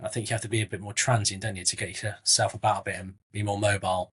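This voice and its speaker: Fast-talking and level in tone, this middle-aged actor from Southwest England has a fairly low, fairly bright voice with a breathy edge. As an interview guest he chats casually, restarting often, dropping friendly asides and calling people mate.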